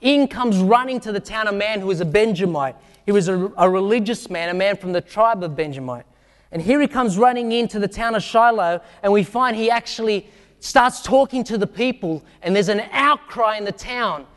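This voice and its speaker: High-voiced preacher in a reverberant hall. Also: male voice, moderate pace. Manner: dramatic, acts out Bible scenes with shouts; asks the congregation direct questions. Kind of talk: sermon.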